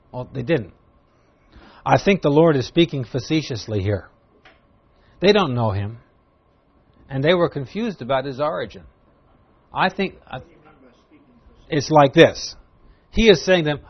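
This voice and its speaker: A man's voice: a little high, lively intonation, a little slow, long pauses, highs cut off. A man preaching an expository sermon, teaching conversationally and raising his voice for emphasis. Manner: conversational Bible teaching, rising loud for emphasis. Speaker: pastor.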